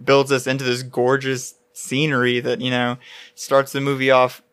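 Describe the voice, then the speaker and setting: A man's voice: medium pitch, completely flat delivery, normal speed, fairly bright tone, smooth, no room sound. A man talking casually about a film on a podcast, rambling and enthusiastic, full of fillers. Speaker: podcast co-host.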